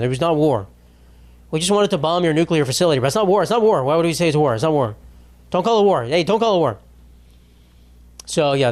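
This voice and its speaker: A young adult man hosting a podcast, rambling in a crude, sarcastic comedic monologue. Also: on the high side. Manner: crude, sarcastic, rambling with mocking put-on voices. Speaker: podcast host.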